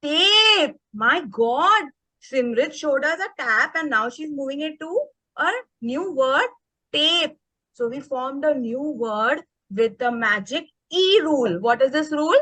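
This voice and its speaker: Lively, bright-voiced teacher. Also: female voice, high-pitched, moderate pace, no room sound, low-quality recording. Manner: energetic, checks in often with "okay?". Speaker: teacher trainer. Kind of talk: online teacher workshop. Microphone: video call.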